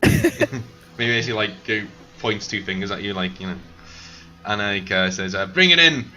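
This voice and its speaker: A man narrating as game master of a tabletop role-play, rambling and halting with many fillers. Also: lowish voice, steady tone, bright, forceful tone, soft background music.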